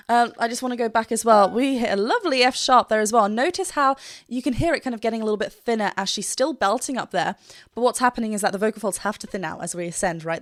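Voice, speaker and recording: Bright-voiced woman vocal coach. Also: a little high, a little hiss or hum. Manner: explains technique, breaking into short sung demonstrations. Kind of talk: reaction and analysis commentary.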